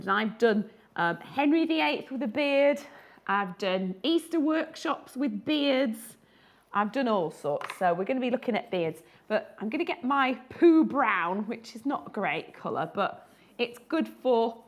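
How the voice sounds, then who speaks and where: A woman who illustrates children's books, chatting and joking as she teaches children to draw. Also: on the high side. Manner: chatty, jokey, talks to children. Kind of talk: live drawing tutorial for children.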